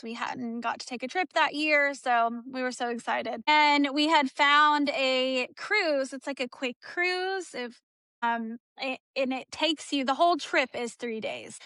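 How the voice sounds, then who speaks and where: High, bright-voiced woman telling her story. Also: measured pace, smooth, no echo. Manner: animated, acts out quoted dialogue; chatty, with frequent "like" fillers. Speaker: interview guest. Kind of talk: emotional personal storytelling.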